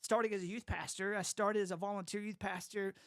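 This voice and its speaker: A young adult man speaking as an interview guest, animated and quick to laugh. He acts out what others said to him as he goes. The sound is dry and close. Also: high-pitched, dry recording. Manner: animated, laughs often, quotes others in voices. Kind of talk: casual storytelling.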